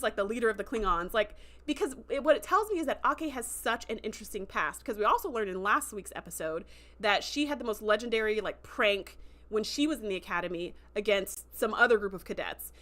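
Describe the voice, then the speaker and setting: A fairly high-voiced woman talks through a casual livestream review. She is chatty and enthusiastic, full of fillers and asides. She slips into quick acted-out quotes as she goes. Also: a bit bright. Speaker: show host recapping a TV episode.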